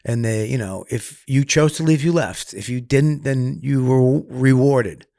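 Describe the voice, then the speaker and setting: A man's voice: mid-range voice, measured pace, vocal fry, no room sound. A middle-aged man tells his story candidly as a podcast guest, swearing freely. He acts out the other people's lines with a sudden rise in volume. The sound is dry and close. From Massachusetts, US. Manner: profane, animated, acts out quotes loudly. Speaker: guest comedian.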